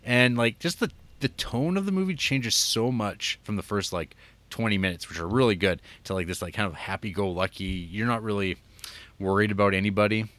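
A man's voice: on the low side, brisk, fairly bright tone, dry recording. A man casually recapping an old film as a podcast co-host, rambling with lots of fillers.

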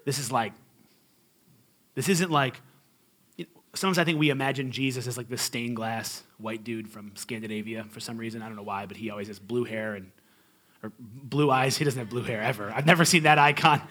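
A man's voice: medium pitch, a little fast, a bit bright. A male pastor preaching a sermon in a conversational, humorous and emphatic way.

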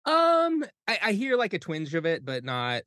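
A man's voice: sits high, huge pitch swings, moderate pace, fairly bright tone, no room sound, clean studio sound. A man from the Midwest US, a guest musician on a casual podcast, rambling with lots of filler words and swearing.

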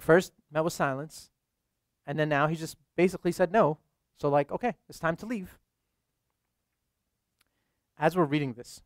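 A young adult male priest preaching in a relaxed, chatty way and leaning on "like" as a filler. His voice sits a little high for a man. The sound is dry and close, with no room echo. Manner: casual, many "like" fillers. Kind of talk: conversational sermon.

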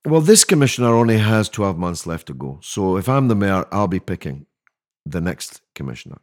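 A man's voice: sits low, sing-song, brisk. An older man, a guest on a podcast interview, talking in an emphatic, rhetorical way with many restarts. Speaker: mayoral candidate guest.

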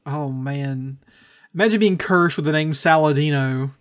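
A man's voice: on the high side, normal speed. A man co-hosting a podcast, swearing freely and ranting with mocking asides. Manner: profane, ranting, does mocking quoted voices. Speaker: podcast co-host. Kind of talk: casual comedic political chat.

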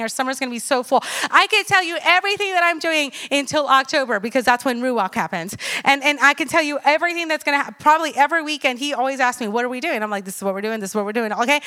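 A woman in her thirties preaching a sermon in an animated, chatty way, often checking in with her listeners. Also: sits high. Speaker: church speaker.

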